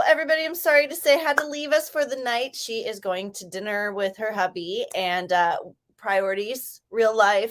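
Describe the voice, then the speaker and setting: Chatty woman hosting a writing livestream. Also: fairly high pitch. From San Diego. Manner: rambling, chatty, reads out viewer comments. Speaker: livestream host. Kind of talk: casual chat to live viewers.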